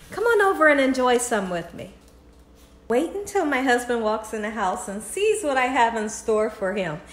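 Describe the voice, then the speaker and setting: A cooking host with a slightly high, animated voice talks at normal speed during a casual demo in her home kitchen. She laughs often while tasting, pouring and chatting to viewers. The sound is roomy, with background noise.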